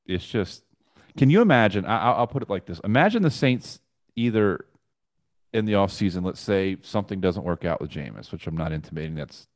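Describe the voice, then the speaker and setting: A man's voice: low-pitched, lively intonation, a little fast. A man co-hosting a casual sports chat, making his case emphatically.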